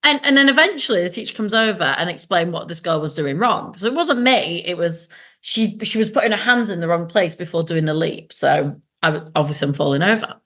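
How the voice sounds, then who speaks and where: A young Englishwoman co-hosts a podcast, chatting casually and telling stories. Animated and laughing often, she acts out voices in her anecdotes, speaking fairly quickly in a lowish voice.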